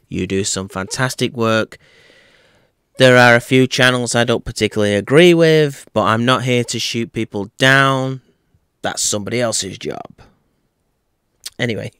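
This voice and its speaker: A man in a put-on accent hosts his own boxing talk show, giving a wry, playful breakdown of a fight. He takes his time over every point, letting his words stretch out. His voice sits at an everyday pitch and sounds close and dry, with no room around it. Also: pushed and bright, clean tone, dry recording. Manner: playful and wry, with theatrical asides. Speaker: boxing commentator and channel host. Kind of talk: casual opinion monologue on a fight.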